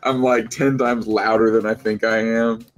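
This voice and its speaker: A man's voice: on the low side, little pitch movement, moderate pace, crowd noise. A young man playing a tabletop game, casual and jokey, laughing often. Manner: giggly, jokey. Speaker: player.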